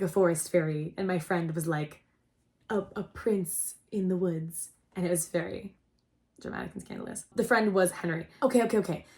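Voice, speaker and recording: A young adult woman hosting a casual storytelling chat, rambling and excitable, saying "like" constantly. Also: on the low side. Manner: rambling and excitable, heavy use of "like". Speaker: host.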